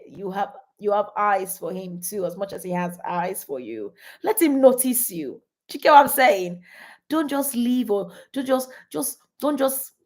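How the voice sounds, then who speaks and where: A middle-aged woman, coaching married couples on a live stream, animated, laughing often and reading viewer comments aloud. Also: medium pitch.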